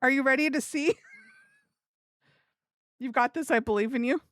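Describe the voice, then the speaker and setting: Giggly high-voiced woman streamer. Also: unhurried, a bit bright, no echo, studio quality. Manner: giggly, chatty, talks to herself while working. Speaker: livestream streamer. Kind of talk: casual live-stream chat to viewers.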